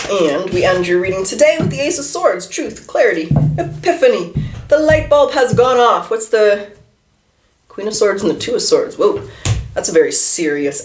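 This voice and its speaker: A woman giving a casual tarot reading, chatty and animated, talking straight to the viewer from a room at home. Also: medium pitch, roomy sound, a little hiss or hum. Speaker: tarot reader. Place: room at home, seated in a chair.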